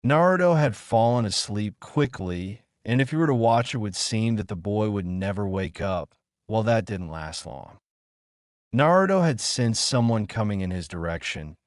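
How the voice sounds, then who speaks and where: A man narrating a fan fiction story, with an animated storytelling manner. His voice is low and moves up and down a lot. It is heard close and dry. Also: moderate pace, dry recording. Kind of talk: scripted narration.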